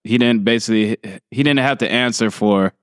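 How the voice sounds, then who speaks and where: A man hosting a podcast, telling stories in a relaxed, blunt way. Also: medium pitch, brisk, no room sound, clean studio sound. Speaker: podcast host. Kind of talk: casual chat.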